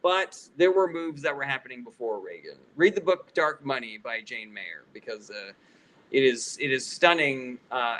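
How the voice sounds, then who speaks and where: A man's voice: medium pitch, fairly bright tone, poor audio. A man hosting a casual political livestream Q&A, reading out viewer questions and answering bluntly with plenty of profanity.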